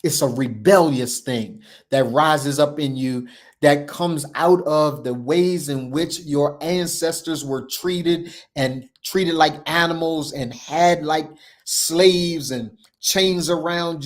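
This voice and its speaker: A man with a fairly high voice delivers an impassioned motivational talk. He speaks in the emphatic, repeating cadence of a preacher, moving between loud declarations and low, hushed stretches. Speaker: show host.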